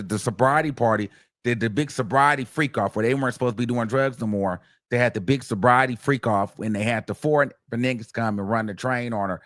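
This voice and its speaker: A man hosting a casual gossip commentary, recapping courtroom testimony in an animated, chatty way. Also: medium pitch, dry recording, clean studio sound. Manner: animated, gossipy, acts out quoted texts in a raised voice. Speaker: commentary host.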